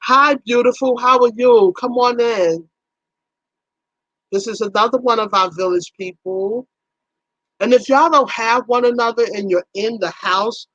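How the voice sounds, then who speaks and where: Chatty, high-voiced woman livestream host. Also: fairly bright tone, no room sound, muffled recording. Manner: chatty and folksy, greeting viewers, acting out little conversations. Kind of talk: casual livestream chat.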